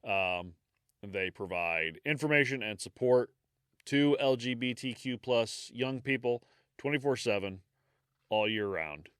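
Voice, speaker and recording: A man's voice: medium pitch, a little slow, fairly bright tone, clear, resonant tone, dry recording, studio quality. A man co-hosting a podcast in casual chat, easygoing and teasing, laughing often. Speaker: podcast co-host.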